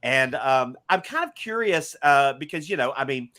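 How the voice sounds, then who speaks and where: A man's voice: medium pitch, animated, normal speed, pushed and bright. A man co-hosting a podcast, asking a guest questions in a hesitant way with many fillers. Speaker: podcast co-host. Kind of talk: interview questions.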